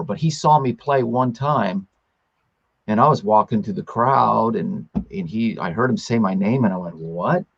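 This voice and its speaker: A man with a husky, slightly raspy voice at a middling pitch, hosting a podcast. He tells stories animatedly, acting out what people said. The sound is dry and dull, like a lo-fi recording. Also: no echo. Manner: animated, acts out quotes. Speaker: podcast host. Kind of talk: casual podcast chat.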